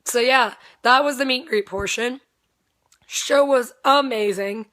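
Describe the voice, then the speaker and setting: A woman's voice: a little high, unhurried, a bit bright. A young woman with a strained voice, casually telling a rambling story, swearing freely and laughing often. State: voice strained, not at full strength.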